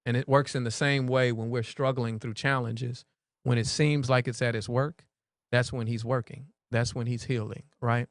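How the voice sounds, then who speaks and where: A man serving as mayor, talking relaxed in an interview and often checking in with "right?". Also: mid-range voice, normal speed, no echo, clean studio sound. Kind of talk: conversational interview.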